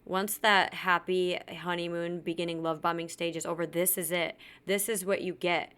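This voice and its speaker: A woman's voice: on the low side, level tone, moderate pace, fairly bright tone, clear, resonant tone. A woman hosting a podcast, telling a personal story candidly and bluntly, swearing freely and acting out what others said. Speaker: podcast host.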